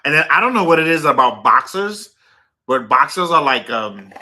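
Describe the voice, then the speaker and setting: A man's voice: on the high side, very animated, normal speed, pushed and bright. A man hosting a casual livestream, rambling with lots of fillers and turning aside to talk to his dog and his viewers. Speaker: livestream host.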